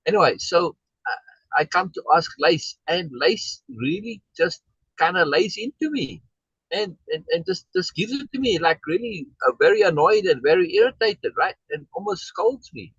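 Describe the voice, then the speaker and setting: A man with a husky, slightly breathy voice tells a personal story to a discussion group, his pitch rising and falling with animated emphasis. He rambles, restarts his sentences and keeps checking in with "right?". The sound is dry and a bit muffled. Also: moderate pace, no echo. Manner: rambling, with many restarts and tag questions like "right?"; acts out quoted exchanges in a raised voice.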